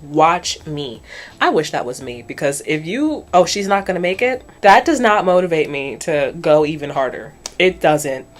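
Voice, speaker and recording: A woman casually recapping a cartoon episode as a video host, chatty and expressive, with some swearing. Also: low voice, moderate pace, few pauses. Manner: chatty and expressive, swears, slips into characters' voices.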